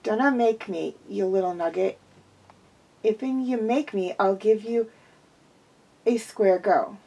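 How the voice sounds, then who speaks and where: A woman voicing a tired, stubborn male pony in a gruff, lazy drawl with a put-on Scottish brogue. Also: mid-range voice, slow, mellow, far from the mic, dull audio. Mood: teasing.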